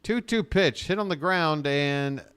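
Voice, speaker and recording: A man's voice: on the high side, a little slow, fairly bright tone, clean tone. A man streaming live fan play-by-play of a baseball game, calling the action with joking asides and bursts of ranting.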